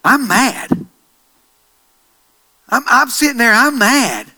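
A middle-aged male pastor preaching a sermon, swinging from hushed storytelling to loud, excited passages. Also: very high-pitched, takes it slowly, long pauses.

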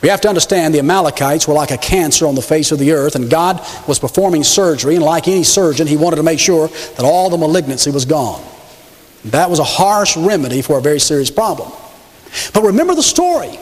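A man's voice: fairly high pitch, fast. A man preaching a sermon, telling a story emphatically and speaking directly to his congregation. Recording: long hall reverb.

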